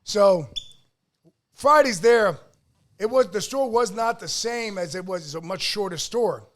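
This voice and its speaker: A middle-aged man, a pizzeria owner telling a rowdy family story, loud and profane, shouting out the quotes. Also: high voice, measured pace, a little hiss or hum. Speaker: pizzeria owner, podcast guest. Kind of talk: casual storytelling.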